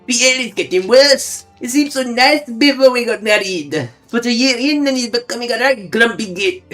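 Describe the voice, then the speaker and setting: Casting: a snippy, gossipy farm wife, voiced by a man, pitched up. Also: animated, normal speed, sharp tone, soft background music, exaggerated voice. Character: fed-up young farm wife reading her diary.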